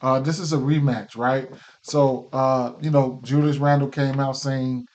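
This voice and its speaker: A man's voice: medium pitch, flat delivery, measured pace, darkish tone, muffled recording. A man hosting a casual sports betting picks show, talking loosely with many fillers and restarts, and he has the hiccups. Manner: loose, filler-heavy, repeats himself.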